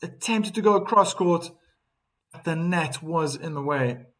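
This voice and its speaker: Here a man provides play-by-play of tennis on a live stream, reading viewers' chat out loud. He's calm in the lulls and livelier on big shots, with a slightly high voice and a slightly slow pace.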